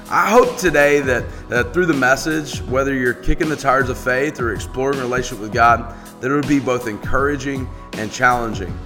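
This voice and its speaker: Pastor guy doing a friendly podcast intro, music under him. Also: mid-range voice. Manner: warm, welcoming address to listeners. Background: music bed.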